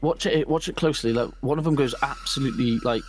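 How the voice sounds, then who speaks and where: A young man in casual podcast chat, reacting with swearing and quick laughs. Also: medium pitch. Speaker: podcast co-host.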